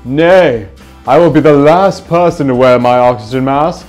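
A man's voice: medium pitch, moderate pace, a little mellow. A man in a vlog blooper reel, talking in a playful, mock-dramatic way. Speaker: vlogger. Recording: music playing underneath.

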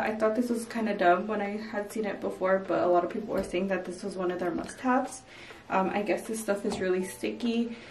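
A woman's voice: mid-range voice, darkish tone, roomy sound, far from the mic, poor audio. A young woman casually showing her baby's nursery in a chatty, rambling way, full of "like" and "um". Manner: chatty, filler-heavy, with frequent "like" and "um". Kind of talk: casual home tour chat. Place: indoors in a home nursery.

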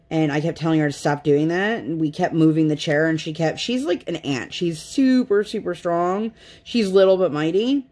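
A woman's voice: lowish voice, darkish tone. A young woman, a mother, chatting casually to her vlog viewers in a rambling, self-deprecating way. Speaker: craft vlogger and mother. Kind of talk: casual chat to camera.

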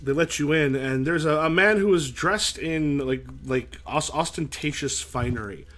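A man's voice: on the high side, fairly bright tone. Man running a tabletop game. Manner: halting, restarts sentences, slips into character voices. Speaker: game master.

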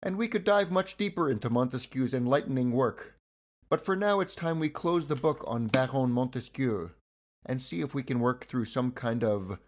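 A man's voice: mid-range voice, moderate pace. A man giving scripted educational narration about political history, with wry, conversational asides.

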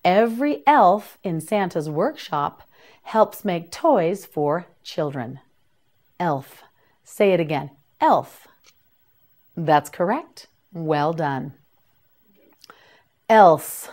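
A woman leads a scripted vocabulary lesson for beginners, sounding each word out with patient, deliberate care. Her voice sits a little low, and she moves at an unhurried, drawn-out pace. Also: lively intonation, darkish tone. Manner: slow, careful, repeats each word for learners to echo. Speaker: English teacher.

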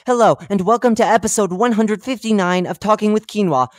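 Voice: medium pitch, normal speed, no room sound, clean studio sound, lightly acted. A narrator doing Quinoa, chipper eerie radio host. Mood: panicked. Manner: chipper, chatty broadcast patter with deadpan dark jokes. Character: cheerful oblivious male radio talk-show host, eerie. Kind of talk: horror fiction reading.

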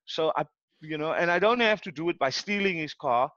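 A podcast guest from Cape Town with a South African accent tells a story casually and animatedly, acting out what people said. His voice is on the high side and a little fast, in a dry recording with the highs cut off.

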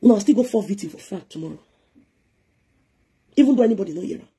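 A woman with a Nigerian Pidgin accent talks fast, scolding and preaching on a live video. Her voice is husky, and she switches freely between pidgin and English. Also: mid-range voice, lively intonation, mellow. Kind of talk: heated live-stream rant.

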